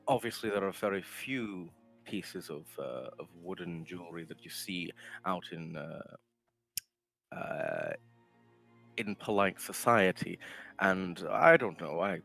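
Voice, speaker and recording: A courteous minotaur fumbling for words, full of apologies and hesitant fillers, as a man voices him at a tabletop game. His voice sits very low. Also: gravelly, a bit bright, full character voice. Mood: earnest. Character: polite, rambling male minotaur warrior.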